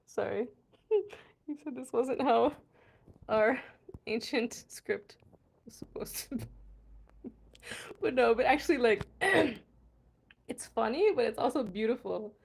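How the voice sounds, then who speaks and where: A woman's voice: fairly high pitch, takes it slowly, gravelly, pauses often, a little mellow, husky. A young American woman chatting casually on a live stream, laughing hard and often, wheezing as she reads viewers' comments. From USA. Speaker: vlogger reading live chat.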